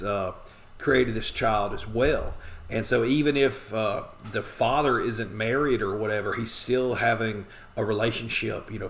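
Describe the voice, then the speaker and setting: A man's voice: mid-range voice, vocal fry, fairly bright tone. A man teaching a class, casually retelling a novel's plot and briefly acting out the characters' lines. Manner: conversational, acts out quotes in quick voices.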